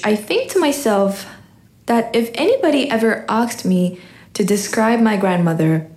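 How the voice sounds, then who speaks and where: Teen girl telling a personal story on stage, slow and thoughtful, takes her time. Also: a little high, a little mellow. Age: teens. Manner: slow, reflective, unhurried.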